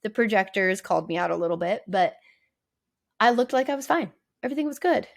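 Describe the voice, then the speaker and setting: A woman's voice: mid-range voice, expressive, fairly quick, creaky. A woman therapist talking candidly and conversationally on her podcast, with lots of "like" and "right?". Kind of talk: casual podcast monologue.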